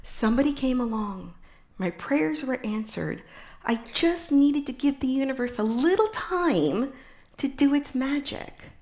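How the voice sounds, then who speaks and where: A woman public speaker telling an inspirational story, expressive and often dropping to a soft, hushed tone. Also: sits high, unhurried.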